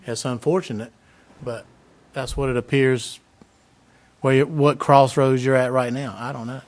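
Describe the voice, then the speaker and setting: A man on a planning board answering a resident, measured and hesitant with frequent pauses. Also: medium pitch, fairly even intonation. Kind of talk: formal response at a public meeting. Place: county meeting room.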